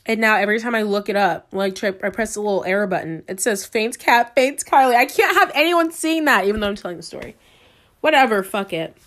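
A young woman casually telling a confessional story to her viewers, dramatic and exclaiming, laughing in disbelief, swinging between loud outbursts and low mutters. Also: animated, fairly quick. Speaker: vlogger.

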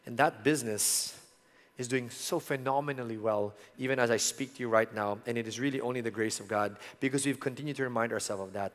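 Earnest pastor in a reverberant hall. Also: male voice, medium pitch, fast talker. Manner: earnest, swings between loud emphasis and soft intimate tones. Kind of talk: sermon.

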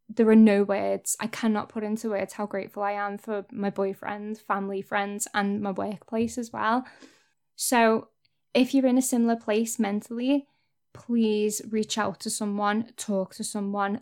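Young woman vlogger, candid, earnest talk to camera, mid pitch, swears now and then.

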